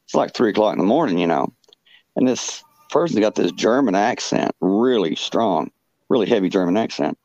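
A man with a very low voice tells a story as a podcast guest, stopping and restarting, with fillers in almost every phrase. The sound is dry and close, with a muffled, lo-fi tone. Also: lively intonation, a little mellow, dry recording. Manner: halting, full of "you know" fillers and restarts. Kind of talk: casual storytelling.

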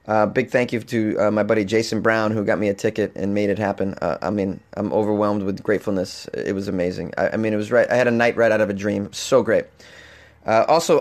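A man hosting a comedic podcast, slightly hoarse, rambling and animated with frequent restarts. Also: medium pitch. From Boston, Massachusetts. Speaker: podcast host. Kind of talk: casual comedic podcast monologue.

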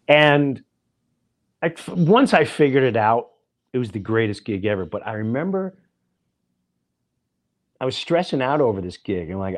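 A man's voice: mid-range voice, normal speed. A middle-aged man, a comedian hosting his own podcast, telling a rambling story in a casual way and acting out the voices of people in it. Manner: animated, rambling, acts out voices in his stories.

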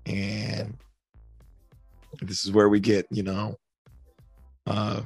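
A man co-hosting a podcast, casually retelling story scenes and acting out character lines in high voices. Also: monotone, slow pace, vocal fry, darkish tone, slightly rough, no room sound, clean studio sound, soft background music. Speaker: podcast co-host.

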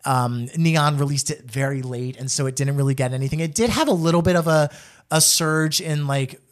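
A young man co-hosting a casual podcast, gushing enthusiastically with lots of fillers. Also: on the high side. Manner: gushing, rapid and animated, many fillers. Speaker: podcast co-host. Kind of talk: casual chat.

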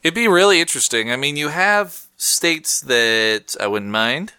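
A man's voice: on the high side, expressive, measured pace, sharp tone, clean tone, no echo, studio quality. A man co-hosting a casual talk show, rambling and correcting himself as he goes. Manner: rambling, self-correcting, laughs often. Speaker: podcast co-host. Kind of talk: casual chat.

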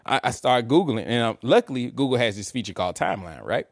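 A man's voice: mid-range voice, fast, hardly any pauses, dry recording. A man, co-hosting a podcast and telling a casual story, laughing and acting out what people said. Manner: animated, laughing, acts out quotes. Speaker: podcast co-host.

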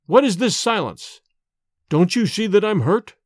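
A man's voice: high voice, very animated, measured pace, no echo, studio quality, pitched above the performer's own voice. A man voicing a stern old male vampire patriarch in a hollow, menacing voice in a storybook reading.

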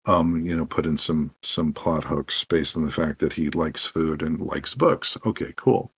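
A man telling animated stories as a podcast guest about running tabletop games, acting out what his players said. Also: extremely low pitch, a little slow, creaky, slightly rough. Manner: animated, acts out quoted players. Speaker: podcast guest, game master. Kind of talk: anecdotal interview storytelling.

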